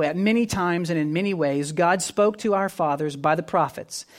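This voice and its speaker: A man preaching a sermon in an earnest way, building to emphatic peaks and then dropping low and quiet. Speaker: pastor.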